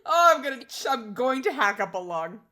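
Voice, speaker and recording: A woman with a bright, slightly high voice, co-hosting a casual podcast. She chimes in with quick quips and laughs along. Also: sing-song. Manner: short reactions and laughter. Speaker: podcast co-host. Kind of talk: casual comedic chat.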